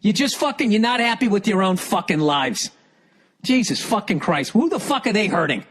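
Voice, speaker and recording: A middle-aged male comedian delivering an angry, profane ranting monologue with sudden shouted outbursts. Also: high-pitched, sing-song, moderate pace.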